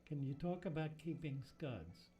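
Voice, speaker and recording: Answering questions from viewers on his casual fishkeeping livestream, a man thinks out loud and tinkers with the desk microphone in his fish-tank room at home. The voice is on the high side and expressive, with a dark tone and a breathy edge, and he never hurries.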